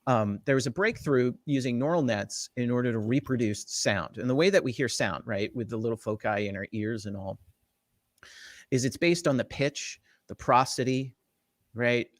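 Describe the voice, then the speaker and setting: A middle-aged man talks tech in a keen, rambling flow, full of fillers and quick restarts. His voice sits at an ordinary pitch. The sound is close and dry, with no room echo. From Jersey Shore, US. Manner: enthusiastic, rambling explainer with many fillers and restarts. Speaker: tech evangelist guest. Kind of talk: casual interview explanation.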